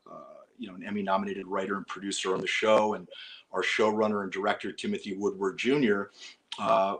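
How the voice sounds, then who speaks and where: Low-voiced actor telling stories. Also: male voice. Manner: animated storytelling with frequent restarts. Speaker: actor guest. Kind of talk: casual interview talk.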